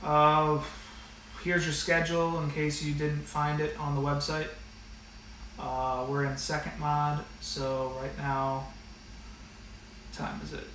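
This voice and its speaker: A man's voice: fairly high pitch, little pitch movement, takes it slowly, long pauses, a bit bright, a little hiss or hum. A man teaching an online math class and going over the rules, talking in a casual, direct way with a lot of fillers. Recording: echoey room, slightly distant mic.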